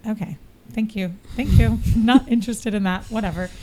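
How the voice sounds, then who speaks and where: A woman's voice: mid-range voice, moderate pace, mellow. A woman co-hosting a podcast, telling a story in casual chat and laughing often as she goes. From New York. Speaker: podcast co-host.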